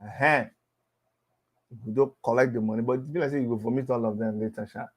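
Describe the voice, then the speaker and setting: A man in his fifties with a Nigerian accent, giving a mocking monologue in lively Pidgin-laced talk and laughing between lines. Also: medium pitch, brisk. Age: 50s.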